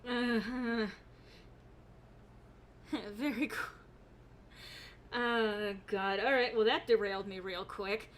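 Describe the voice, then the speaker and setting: A woman's voice: on the high side, steady tone, slow pace, pauses often, slight background noise. A young woman streaming a game, chatting casually, laughing often and reading chat aloud in a rambling way. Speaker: gaming streamer.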